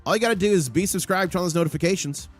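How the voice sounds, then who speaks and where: Man, livestream host, excitable market commentary, rattles off prices, slightly high voice. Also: racing, faint music behind.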